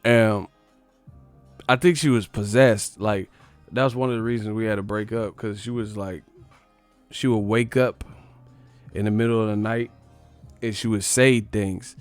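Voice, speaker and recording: A man casually telling a wild, profane story on his livestream, emphatic and animated. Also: fairly low pitch, measured pace, pauses often, clear, resonant tone, dry recording, soft background music. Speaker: boxing livestream host.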